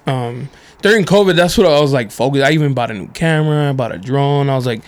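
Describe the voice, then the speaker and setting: A man co-hosting a podcast, telling stories in a loose, swearing, laughing way, his voice a bit deeper from covid. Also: quick pace. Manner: animated, swearing, laughs often, mimics people in stories. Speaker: podcast co-host. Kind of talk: casual chat, storytelling.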